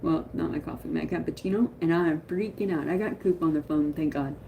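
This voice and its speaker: A woman chatting on a live stream in a rambling, excitable way, greeting viewers as she talks. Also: sits low, a little fast, slight background noise. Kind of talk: casual live-stream chat.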